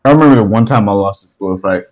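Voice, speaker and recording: A young man co-hosting a casual podcast, telling a story in an animated way, swearing and laughing as he goes. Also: on the low side, fast, low-quality recording. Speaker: podcast co-host.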